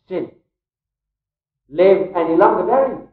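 A man's voice: high voice, lively intonation, a little slow. A man preaching a Bible teaching sermon, emphatic, with rhetorical questions and repeated key phrases. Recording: echoey room on a tinny phone-like line.

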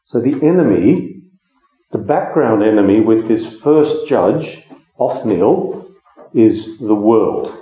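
A man with a fairly low voice gives a Bible teaching sermon, speaking conversationally with frequent ums and restarts. The room sounds roomy and echoey, and the recording is dull and lo-fi. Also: expressive, slow pace. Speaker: preacher.

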